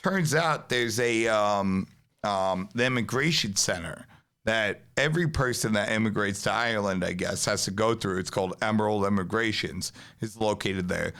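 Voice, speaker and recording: A man with a New York accent telling a long story on a podcast in a casual, profane, animated way. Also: lowish voice, moderate pace. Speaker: pizzeria owner, podcast guest. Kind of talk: casual chat.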